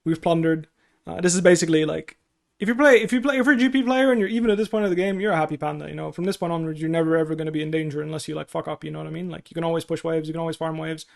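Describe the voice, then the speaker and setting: A young man coaching a player through a replay review, blunt and casual, his voice hoarse from hours of talking. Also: fairly high pitch, racing. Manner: blunt, casual, heavy swearing. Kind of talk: livestreamed gameplay review coaching.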